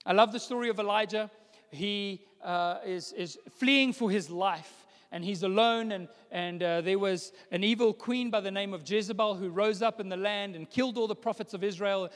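A young man preaching a sermon, building from hushed passages to loud declarations. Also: high-pitched, moderate pace. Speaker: pastor. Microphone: microphone. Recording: long hall reverb.

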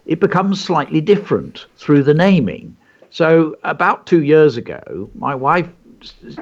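A man's voice: on the high side, dull audio. A man hosting a chatty show, telling anecdotes and reading out a short story of his own. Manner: chatty, animated, drops into character voices. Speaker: host. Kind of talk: casual chat and storybook reading.

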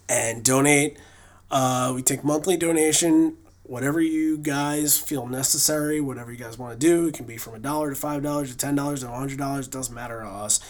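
A man co-hosting a podcast in casual chat. His voice sits at an everyday medium pitch. He rambles loosely, restarting sentences and filling pauses as he goes. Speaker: podcast co-host. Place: lives in New England.

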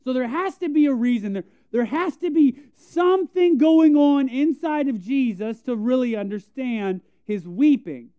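A man's voice: very high-pitched, expressive, moderate pace, few pauses, clean tone, no echo. A young man preaching a conversational sermon, telling self-deprecating stories and acting out quotes. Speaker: pastor. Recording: tinny phone-like sound.

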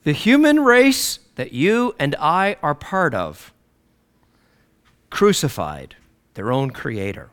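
Dramatic high-pitched male preacher. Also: big pitch swings, slow, long pauses. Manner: dramatic, swinging from loud declarations to low hushed lines. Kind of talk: sermon.

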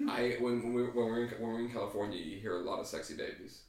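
A man's voice: medium pitch, a little fast, a little hiss or hum. An Irish man in casual chat, swearing freely and restarting his sentences as he gets worked up. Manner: profane, animated, lots of restarts. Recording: very echoey room, distant mic.

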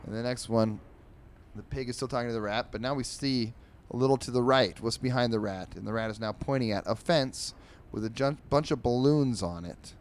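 A man hosting a comedy podcast, reading newspaper comics aloud with rambling, sarcastic asides. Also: mid-range voice. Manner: does quick voices for characters. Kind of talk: casual comic reading with commentary.

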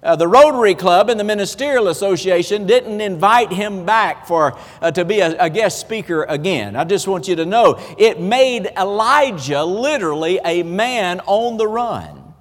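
A man's voice: high-pitched, lively intonation, moderate pace, hardly any pauses, big-room sound. A man with a Southern US accent preaching a sermon, telling folksy, self-deprecating stories with humor. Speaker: pastor.

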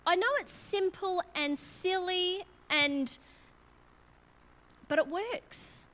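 A middle-aged woman giving a casual, expressive sermon and reading scripture aloud. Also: very high voice. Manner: chatty and expressive, building emphasis as she goes. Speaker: church speaker. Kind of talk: conversational sermon with Bible reading.

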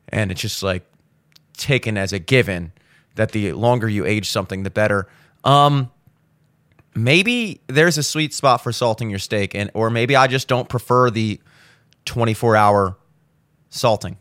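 A hungover young man hosting a podcast, talking casually and profanely, breaking into loud exasperated rants. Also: medium pitch, a little slow, dry recording, studio quality. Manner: profane, ranting, swings into loud exasperated outbursts. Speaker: podcast host. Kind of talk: casual monologue.

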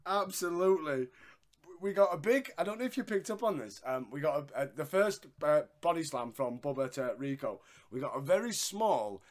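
A fairly high-voiced man talks through a wrestling match in casual podcast chat. He laughs often, swears freely and acts out lines as he goes. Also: animated, normal speed. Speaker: podcast co-host.

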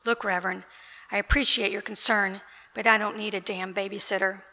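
Woman reading as a gruff bitter vet, cursing, flat gravelly voice, echoey room. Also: medium pitch, a little fast. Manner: curt and cursing. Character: gruff bitter male army veteran, homeless. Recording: reverberant event room.

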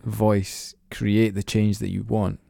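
A man hosts an interview podcast, often restarting his questions. His voice is very low and gravelly, with a dark, mellow tone. It is recorded dry and close. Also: level tone, slow pace, dry recording. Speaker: podcast host.

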